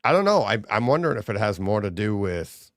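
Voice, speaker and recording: A man from New England co-hosting a live stream, chatting casually and thinking out loud with lots of restarts. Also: fairly low pitch, sing-song, a little fast, no echo, clean studio sound. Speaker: co-host.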